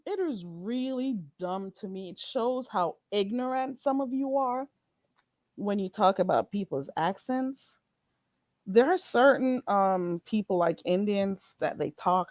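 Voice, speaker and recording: Woman livestream host, blunt and mocking rant, very animated pitch, dry close sound. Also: a little slow, no echo. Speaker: channel host.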